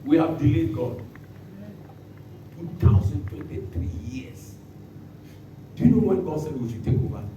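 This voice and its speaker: Animated preacher in an echoey hall. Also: male voice, on the high side, moderate pace, pauses often, far from the mic, muffled recording, noisy background. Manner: animated preaching with sudden shouts and dramatic quotes. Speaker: pastor. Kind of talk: sermon.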